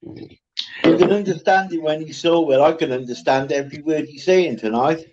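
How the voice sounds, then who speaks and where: A man hosting a casual live stream, slow-spoken and trading crude banter. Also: on the high side, darkish tone, slight background noise. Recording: dull lo-fi stream audio.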